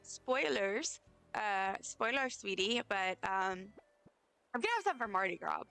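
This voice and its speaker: A woman's voice: medium pitch, normal speed, sharp tone, clear, resonant tone, soft background music. A tired woman live-streaming a game, chatting casually and teasing herself as she rambles along. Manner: chatty, self-deprecating, rambling. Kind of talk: casual chat while playing a game.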